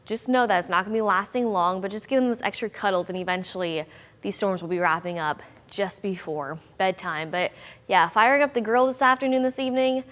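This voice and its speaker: A woman's voice: medium pitch, fairly quick, fairly bright tone. Upbeat woman meteorologist, long reverb. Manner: upbeat, conversational, bouncy emphasis. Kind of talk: chatty weather forecast.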